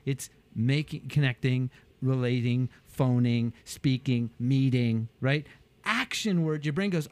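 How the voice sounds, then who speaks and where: A man, a business coach, talking animatedly in an interview and acting out quotes with big jumps in pitch. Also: unhurried, darkish tone.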